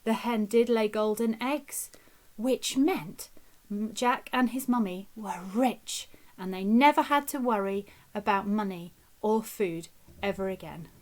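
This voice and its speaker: A woman telling a children's story in an expressive, dramatic way. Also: medium pitch, unhurried. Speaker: nursery teacher storyteller.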